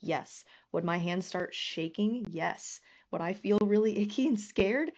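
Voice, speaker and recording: A woman business coach teaching a live online class, earnest and lively, often swearing and acting out quoted messages. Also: medium pitch, unhurried, muffled recording.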